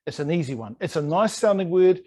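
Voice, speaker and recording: A man's voice: a little high, animated, fairly quick, warm tone. Playful New man teaching words. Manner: playful, over-pronounces words to demonstrate. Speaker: language teacher. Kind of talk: online language lesson. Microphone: video call.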